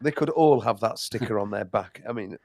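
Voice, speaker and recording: A man's voice: on the low side, a little fast, darkish tone. A man co-hosting a casual chat and adding wry, opinionated comments.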